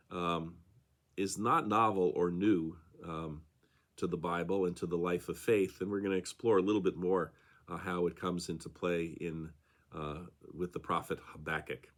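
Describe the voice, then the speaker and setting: A man's voice: low voice, steady tone, moderate pace. A male pastor giving a conversational daily devotional talk, with frequent fillers and tag questions.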